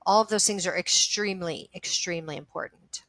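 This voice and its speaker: A woman's voice: fairly low pitch, fairly quick, a bit bright, no echo, low-quality recording. A woman, an actress, speaking as an interview guest and telling a personal story in an earnest, emphatic, heartfelt way, often restarting her sentences.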